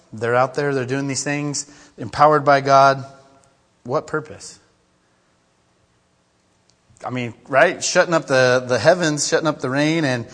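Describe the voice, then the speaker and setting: A man's voice: medium pitch, fairly bright tone. A man preaching a casual sermon in a conversational, chatty way, full of asides, reading scripture aloud. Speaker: pastor. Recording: reverberant hall.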